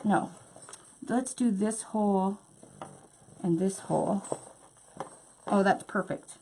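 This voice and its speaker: A woman's voice: mid-range voice, slow, creaky, dark tone, slight background noise. A woman hosting a craft tutorial, chatty and bubbly as she explains each step while working. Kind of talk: hands-on craft demonstration.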